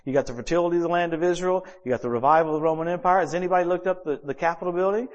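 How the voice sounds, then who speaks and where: A pastor preaches to his congregation, telling his stories in an animated way. His voice sits fairly high for a man, and it swings up and down in pitch and loudness. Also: very fast, highs cut off. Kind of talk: sermon.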